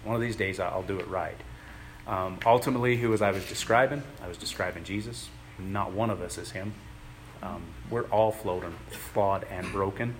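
A man with a lowish voice preaches in an easygoing, conversational way. He is earnest and plain-spoken, stopping often to gather his words. A faint hum of ambient noise sits behind him. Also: fairly bright tone. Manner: earnest, plain-spoken, halting with many pauses. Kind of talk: conversational sermon.

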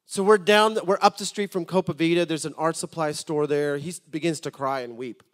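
A man delivers a sermon to his congregation a little fast and a little high, alternating loud appeals with soft, hushed stories. Words get repeated as he launches into each thought.

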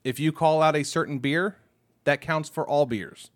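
A man's voice: on the high side, normal speed, dry recording, clean studio sound. Rambling male podcast host. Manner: rambling, many fillers. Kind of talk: casual chat.

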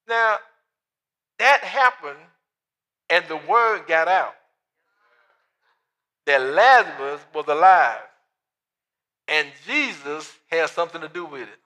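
A male pastor preaching with a high, bright, ringing voice. He tells the story in a lively way, drops to soft asides for the dialogue and climbs to fervent shouts. The sound carries a long reverb, as in a big church hall. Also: slow pace, long pauses. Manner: storytelling preacher, acts out the Bible dialogue in quiet asides, then builds to shouts. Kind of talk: sermon.

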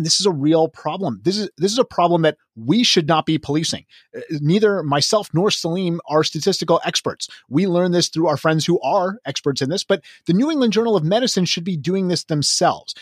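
Husky-voiced man ranting on a podcast. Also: fairly high pitch, no echo, studio quality. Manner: earnest, emphatic, ranting critique. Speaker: podcast co-host. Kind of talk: critical commentary discussion.

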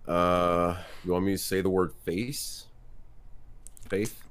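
A man co-hosting a podcast, talking in a relaxed, slangy, joking way. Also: low-pitched, moderate pace, smooth. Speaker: podcast co-host. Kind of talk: casual chat.

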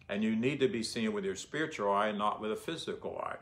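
A man's voice: on the low side, fairly quick, fairly bright tone. A man giving informal Bible teaching in a conversational way, often asking his listeners rhetorical questions.

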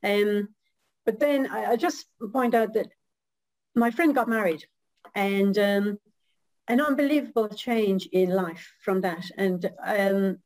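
A middle-aged woman reading her own poem slowly and carefully, then chatting casually as a guest. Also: medium pitch, darkish tone, rough recording. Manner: slow, measured recitation.

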